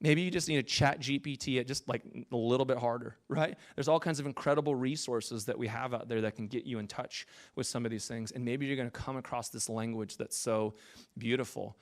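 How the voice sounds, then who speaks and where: A man giving a conversational sermon as a pastor, animated and jokey, talking with his congregation. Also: medium pitch, fairly quick.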